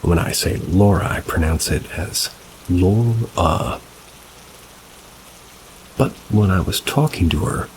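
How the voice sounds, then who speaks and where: Deep-voiced man narrating ghost stories over rain. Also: a little hiss or hum, low-quality recording. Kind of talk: scripted narration of reader-submitted stories. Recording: rain sounds mixed behind the voice. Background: steady rain ambience.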